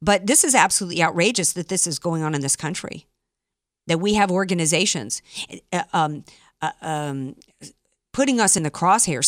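A woman's voice: lowish voice, a bit bright, no room sound, clean studio sound. A woman hosting a political talk radio show, speaking with indignant emphasis, full of fillers and restarts. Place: studio, also streamed live online.

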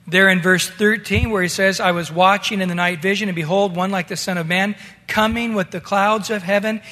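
Bright-voiced male pastor preaching in a hall. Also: high-pitched. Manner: conversational preaching, addresses listeners as guys. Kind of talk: sermon.

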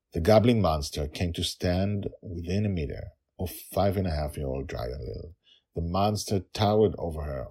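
Man, story narrator, podcast host, husky, deep, measured delivery. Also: mellow. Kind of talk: story narration and personal anecdote.

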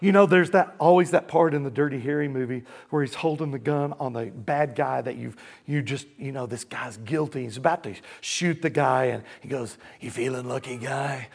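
A man preaching a sermon, with dramatic swings between loud, booming passages and hushed ones, calling out to the congregation for responses. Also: a little fast, creaky, hardly any pauses. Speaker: pastor.

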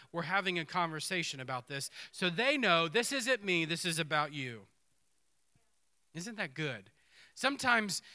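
Man, preacher, sermon, high voice, animated scripture reading. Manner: animated, acts out the speakers in the text.

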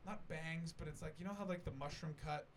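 Profane, rambling man comic with a slightly high voice, noisy background. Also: steady tone, brisk. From not from Scotland. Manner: rambling, profane, bursts into loud shouted impressions. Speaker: comedian telling a story. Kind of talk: stand-up storytelling to a recorded audience.

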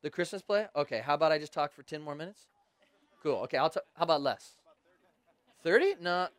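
Male preacher, slightly high voice, chatty storytelling, dry close sound. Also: lively intonation, brisk, no room sound. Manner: casual storytelling with joking asides. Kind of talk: sermon.

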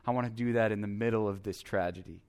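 A man's voice: on the low side, steady tone, fast talker, darkish tone, clear, resonant tone. A man preaching a sermon as the pastor, earnest and emphatic, repeating his exhortations.

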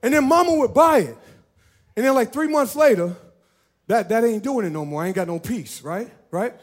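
A man preaching as a pastor, animated and playful, talking directly to his church. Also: very high voice, moderate pace. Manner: animated, playful, talks to the congregation. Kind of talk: lively sermon.

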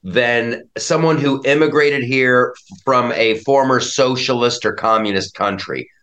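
A man's voice: mid-range voice, fairly even intonation, unhurried, fairly bright tone. A man speaks with conviction as a guest on a talk-radio show. His voice sits in a mid range. He often restarts his sentences as he presses his points. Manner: emphatic, with frequent restarts. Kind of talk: political talk-radio conversation.

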